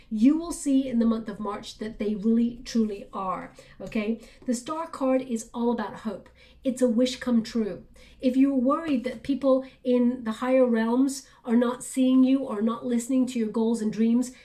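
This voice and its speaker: A woman's voice: fairly high pitch, dark tone. A woman giving a casual, encouraging spoken tarot reading, often checking in with "okay?". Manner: chatty, encouraging, repeats "okay?". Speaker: tarot reader.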